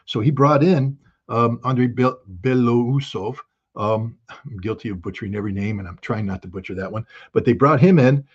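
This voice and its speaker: A man's voice: medium pitch, moderate pace, slightly rough, dull audio. A man giving casual spoken analysis, emphatic and folksy, making his points with everyday analogies. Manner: folksy, emphatic, uses analogies and acted quotes. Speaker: commentator.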